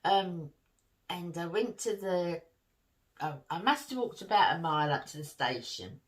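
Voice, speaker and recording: A woman's voice: fairly low pitch, measured pace. A middle-aged woman, a beauty vlogger chatting to camera and telling a story while laughing often. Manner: animated, laughs through her story, warm asides to viewers.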